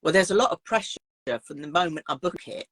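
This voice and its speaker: A woman's voice: lowish voice, a little fast, a bit bright, husky, no echo. A woman, a craft teacher chatting in an interview and explaining her retreats in chatty detail. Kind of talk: casual interview chat.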